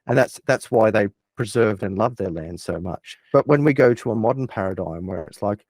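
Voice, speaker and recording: A man's voice: on the low side, animated, moderate pace, darkish tone, dry recording. Man explaining eagerly in a dry room. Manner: enthusiastic explainer with hypothetical examples. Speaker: guest. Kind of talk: casual interview chat.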